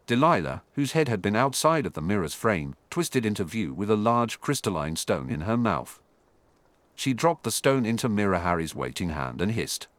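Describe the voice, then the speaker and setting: Low-voiced man narrating an audiobook. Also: dry recording. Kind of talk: scripted narration.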